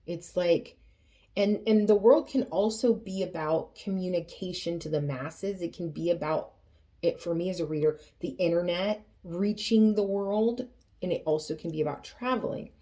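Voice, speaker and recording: A woman giving a tarot reading to her viewers, earnest and emotional, often pausing and restarting her sentences. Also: lowish voice, mellow. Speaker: tarot reader.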